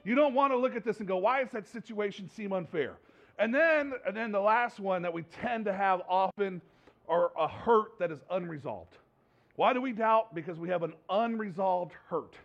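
High-voiced man preaching casually. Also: normal speed, gravelly, highs cut off. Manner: conversational preaching, repeats and restarts often. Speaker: pastor. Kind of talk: sermon. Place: church sanctuary with congregation.

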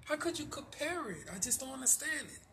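A man's voice: very high voice, very animated, a little fast, bright, forceful tone, a little hiss or hum. A man preaching informally, firing rhetorical questions, restarting phrases and dropping slangy asides.

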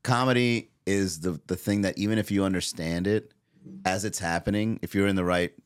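Rambling lower-voiced male comedian. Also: steady tone, moderate pace, clear, resonant tone. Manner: rambling with many fillers and restarts. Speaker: comedian guest. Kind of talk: casual podcast chat.

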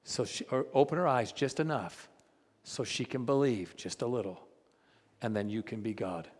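A man doing a hushed, pleading preacher. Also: medium pitch, fairly even intonation, fast talker, voice pushed down, natural voice. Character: earnest male preacher praying softly.

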